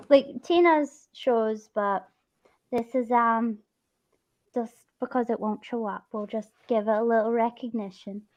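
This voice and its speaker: A woman's voice: fairly high pitch, a little mellow, muffled recording. Stream host, woman, mixed Scottish-English accent, rambling casual chat. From Scotland. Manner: rambling, chatty, quick to laugh.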